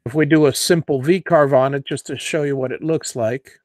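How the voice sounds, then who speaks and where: A man hosting a live CNC tutorial, walking viewers through design software while thinking aloud, with fillers and self-corrections. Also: medium pitch, brisk, no echo, clean studio sound. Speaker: host of a CNC woodworking show.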